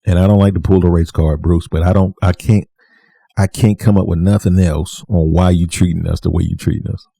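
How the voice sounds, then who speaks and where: A man telling a personal story casually to the camera, animated and repeating himself for emphasis, acting out what others said. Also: sits low, fairly quick, gravelly, dry recording. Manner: animated, acts out dialogue with shifting voices. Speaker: vlogger.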